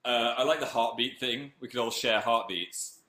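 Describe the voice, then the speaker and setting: A man's voice: mid-range voice, moderate pace, sharp tone, echoey room. Chatty Northern English young man live streaming. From Northern England. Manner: chatty, reads viewer comments aloud. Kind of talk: casual live stream chat.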